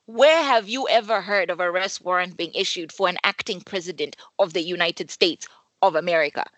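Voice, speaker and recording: A woman co-hosting a casual podcast chat, animated and emphatic, swearing freely. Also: on the low side, a little fast, dry recording. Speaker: podcast co-host.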